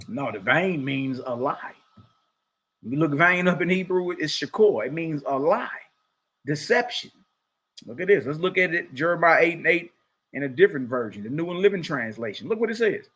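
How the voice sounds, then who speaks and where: A man's voice: fairly high pitch, fairly bright tone. A middle-aged man giving a fiery scripture lesson as a religious teacher, preachy and mocking, confrontational toward his critics.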